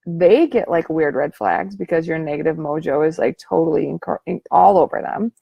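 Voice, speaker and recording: A woman's voice: deep voice, normal speed, creaky, husky, no echo, highs cut off. Female life coach, casual slangy motivational vlog delivery, dry close sound. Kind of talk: motivational talk to camera.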